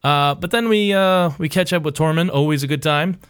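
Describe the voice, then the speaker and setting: A man's voice: a little high, a little fast, fairly bright tone, clear, resonant tone, no echo, clean studio sound. A man hosting a podcast in casual chat, loose and profane, with lots of filler uhs. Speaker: podcast host.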